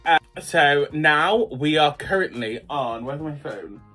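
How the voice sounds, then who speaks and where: A man's voice: a little high, expressive, takes it slowly, sharp tone, faint music behind. A man, chatting casually in a slangy, dramatic storytime vlog. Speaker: vlogger.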